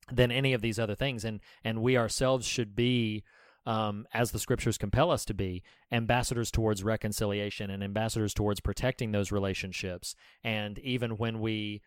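Earnest man with a smooth voice. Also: on the low side, dry recording, clean studio sound. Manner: earnest, sermon-like, quotes scripture. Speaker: podcast co-host. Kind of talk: casual film podcast chat.

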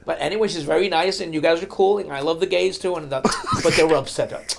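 A middle-aged man, a guest in a casual chat, telling stories with animated bursts of laughter. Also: on the high side, fast talker, gravelly, hardly any pauses, a little hiss or hum.

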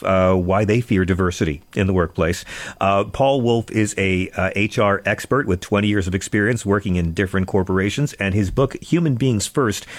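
A man hosting a political talk radio show, sarcastic and joking, a little out of breath, stammering into quick restarts. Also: lowish voice, dry recording.

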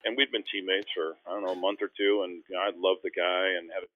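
A middle-aged man from Canada, a former basketball player and guest on a radio show, telling stories in an animated way and acting out the voices of others. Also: low voice, fast talker. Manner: animated, acts out quoted voices, frequent restarts. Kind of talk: storytelling interview. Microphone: phone call. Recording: phone line.

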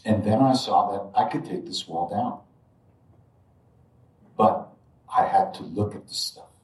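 A man telling a personal spiritual story to an audience in a reflective, halting way, with frequent asides. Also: lowish voice. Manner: reflective, halting, many asides like "you know" and "right". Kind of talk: live storytelling talk to an audience. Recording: roomy echo, distant mic.

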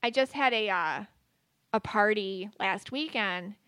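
A woman's voice: medium pitch, measured pace, bright, forceful tone, clear, resonant tone, no room sound. A woman hosting a podcast, talking casually with many fillers and restarts. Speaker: podcast host and psychic medium. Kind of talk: casual spoken monologue.

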